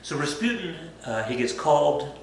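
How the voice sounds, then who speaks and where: A male history teacher telling a story to his students in a chatty, animated way, acting out bits of dialogue. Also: a little high, normal speed, vocal fry, very echoey, slight background noise, rough recording. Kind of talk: casual storytelling lesson.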